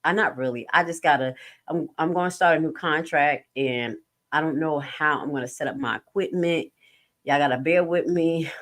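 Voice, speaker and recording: A woman hosting a casual live stream, blunt and jokey, swearing freely and jumping suddenly in pitch and loudness. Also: moderate pace.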